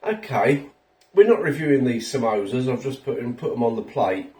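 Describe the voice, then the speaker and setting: A man's voice: medium pitch, lively intonation, normal speed, darkish tone, echoey room, distant mic. A man reviewing a ready meal at home, chatty and self-mocking, a little tipsy after a few drinks. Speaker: food reviewer. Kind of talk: casual food review vlog. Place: home kitchen.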